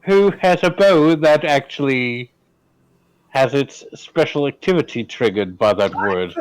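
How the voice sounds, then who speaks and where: A man's voice: mid-range voice, expressive, unhurried, poor audio. A man playing in a tabletop game, joking and stammering as he talks. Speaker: player.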